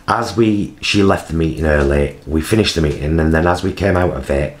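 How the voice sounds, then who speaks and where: A man, telling a personal story in a vlog, halting with many fillers and acting out other people's voices. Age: 50s. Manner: acts out voices of people in his story with big jumps in pitch. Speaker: vlogger.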